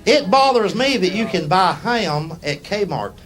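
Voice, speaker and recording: A man's voice: sits high, sing-song, unhurried. Folksy man doing stand-up. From United States. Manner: folksy, drawling storyteller. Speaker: stand-up comedian. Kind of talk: stand-up storytelling. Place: comedy club stage with live audience. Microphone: stage mic. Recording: live club recording, crowd noise. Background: audience laughter.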